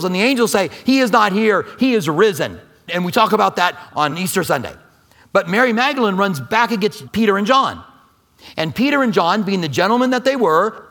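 Male pastor, middle-aged, sermon delivery; somewhat high, animated voice that swings from loud to hushed.

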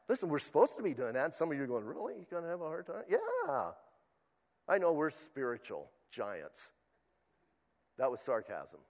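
A man's voice: on the high side, long reverb tail. An older man, a pastor, preaching a sermon in a chatty, storytelling way with asides to the congregation.

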